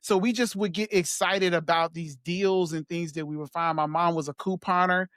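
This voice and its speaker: Man, podcast guest, soft and halting, slightly high voice, dry close sound. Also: steady tone, smooth, dry recording. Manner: soft-spoken, halting, with gentle laughs. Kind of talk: reflective personal conversation.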